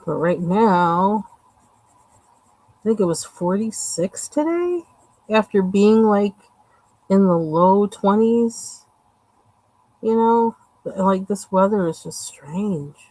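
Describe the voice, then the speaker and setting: A woman's voice: mid-range voice, takes it slowly, pauses often, a little mellow, no echo, low-quality recording. A woman chatting casually and rambling with lots of fillers while she colors on a livestream. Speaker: livestream host.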